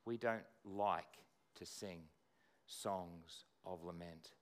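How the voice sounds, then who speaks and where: A man's voice: low voice, very slow. A man preaching a conversational sermon as pastor, often restarting and repeating words.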